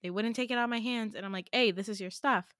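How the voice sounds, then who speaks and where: A woman's voice: a little high, fast talker, fairly bright tone, dry recording, studio quality. A young adult woman hosting a podcast, telling a personal story in a chatty way, filling her sentences with "like" and stressing her points hard. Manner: chatty, heavy use of "like", emphatic and indignant. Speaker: podcast host. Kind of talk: casual storytelling.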